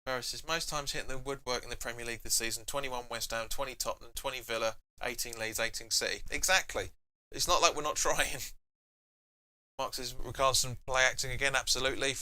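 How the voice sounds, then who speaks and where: Chatty fan, bright voice. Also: male voice, medium pitch, steady tone, quick pace. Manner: chatty, reading chat comments aloud, bursts of shouting at the match. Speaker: fan channel host. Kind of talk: live football watch-along chat.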